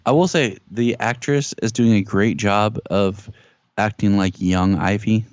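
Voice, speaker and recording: Joking low-voiced man on a dull line. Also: measured pace, dry recording. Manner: joking, acts out quotes in a raised voice. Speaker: podcast co-host. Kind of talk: casual TV review chat. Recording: dull dry lo-fi audio.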